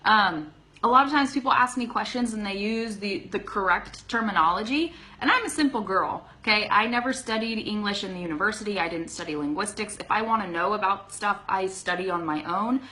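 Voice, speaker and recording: Californian lady teaching english live, bright voice, chatty, laughs a lot, keeps saying okay. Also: mid-range voice, brisk, low-quality recording. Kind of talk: live online English lesson.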